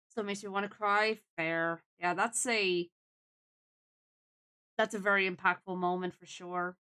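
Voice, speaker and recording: A woman's voice: medium pitch, steady tone, measured pace, pauses often, sharp tone, clean tone. A young adult woman streaming a game, chatting in a casual, emotional, reflective way.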